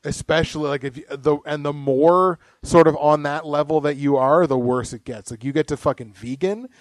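A man riffs loosely as a podcast host, his voice sitting a little high for a man. He swears freely, rambles from point to point and laughs at his own jokes, and the sound is close and dry. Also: moderate pace, no room sound. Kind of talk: casual profane podcast chat.

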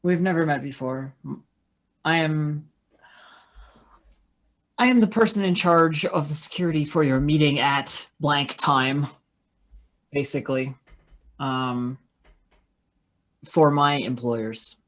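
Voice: mid-range voice, slow, pauses often, lightly acted. A player putting on a stiff Russian-accented security agent. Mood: formal. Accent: put-on Russian. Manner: stiff, formal and clipped.

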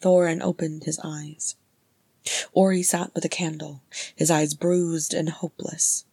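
A woman reading a story aloud as the narrator, in a measured, steady way. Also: low-pitched, creaky, slightly rough, no room sound. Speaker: audiobook reader. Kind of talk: fan fiction audiobook narration.

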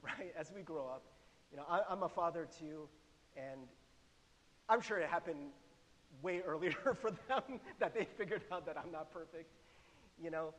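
A middle-aged male pastor preaches with a notably high, lively voice, chatty and animated, often laughing and asking his listeners questions. His words ring out with a long reverb, as if in a large hall. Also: slight background noise. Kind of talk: sermon.

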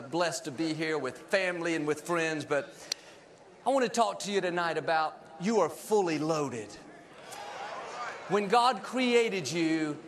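A man's voice: high-pitched, a bit bright, slight background noise. A male pastor preaching a sermon with jokes in a large church, upbeat and leading the congregation in call-and-response.

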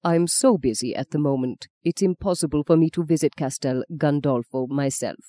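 A reader voicing a stern, formal German general who speaks in a measured way. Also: mid-range voice, mellow, no echo, close to an everyday voice.

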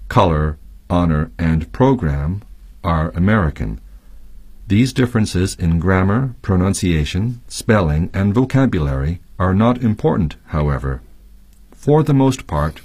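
A man acting as guest English teacher, reading examples aloud slowly and carefully. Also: low voice, lively intonation, darkish tone, husky. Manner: slow, careful demonstration of words.

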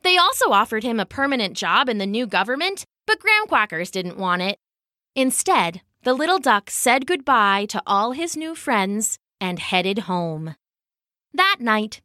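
Slow, lively woman storyteller. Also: on the high side, dry recording, studio quality. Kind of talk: children's story reading.

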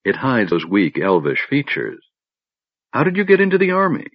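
A man's voice: medium pitch, wildly swooping pitch, moderate pace, dry recording, pitched above the performer's own voice. Een zelfverzekerde vrouwelijke legeraanvoerder, door een man gespeeld, plagerig en dreigend, levendig en hoger, doffe droge opname. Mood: eager. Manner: playful, pleasantly menacing. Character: confident, teasing female warrior commander. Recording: dull lo-fi recording.

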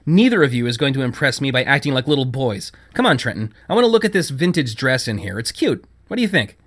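A man's voice: medium pitch, very animated, fast talker, fairly bright tone. A man reading a story, voicing a poised, prim young woman who is dismissive and condescending. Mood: breezy.

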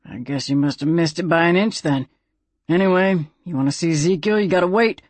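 A gruff, cold possum storekeeper, as a narrator puts him on for a storybook, talking in a blunt backwoods drawl. His voice sits a touch higher than the reading voice, and the recording is close and dry. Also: brisk, no room sound, lightly acted. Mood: offhand.

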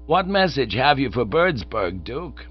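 An eager small-town American booster who talks like a salesman, as a male storyteller puts him on. He runs higher and brighter than the narration, with bouncy pitch, and the recording sounds dull, with a low hum behind it. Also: very animated, measured pace, husky. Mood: hearty.

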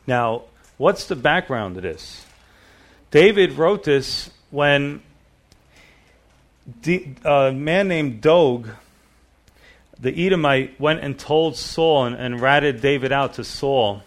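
A man's voice: medium pitch, lively intonation, slow, long pauses. Man preaching in a folksy storytelling way. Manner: folksy storytelling, frequent "you know". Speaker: pastor. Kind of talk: conversational evening sermon.

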